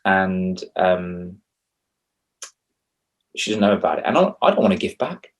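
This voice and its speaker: Brief: young man, low voice, animated coach, acts out dialogue. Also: a little slow. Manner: animated, acts out quoted dialogue with big pitch jumps. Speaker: confidence coach for kids. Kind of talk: casual podcast interview.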